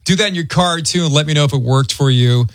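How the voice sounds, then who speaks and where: A man's voice: fairly high pitch, fast talker, no room sound, clean studio sound. A man hosting a morning radio show, teasing his co-hosts and callers in casual banter. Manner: playful, teasing, leads the banter. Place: radio studio.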